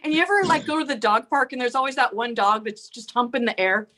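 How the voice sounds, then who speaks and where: A woman's voice: on the high side, expressive, fast talker, pushed and bright. An older woman performing a raunchy stand-up set over a video call from home, mocking herself and laughing at her own jokes. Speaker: stand-up comic.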